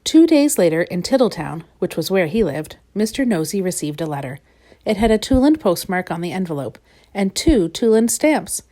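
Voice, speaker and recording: This is a gentle, expressive read-aloud of a children's storybook by a woman. Her pitch is fairly low and her speed is normal.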